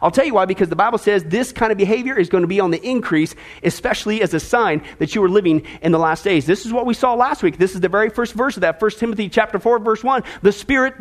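A male pastor preaching an animated, sarcastic sermon, full of rhetorical questions. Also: high-pitched.

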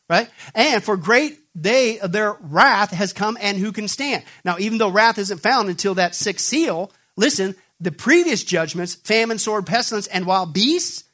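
A male preacher with a high-pitched voice, delivering a forceful sermon. He keeps asking questions and answering them himself, swinging between loud, pressing emphasis and low, intense passages. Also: expressive, a little slow. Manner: emphatic call-and-response questioning.

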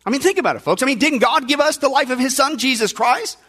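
A male preacher delivering a sermon in a strikingly high, bright voice. He drives his points home with emphatic, repeated rhetorical questions. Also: lively intonation, quick pace, breathy edge.

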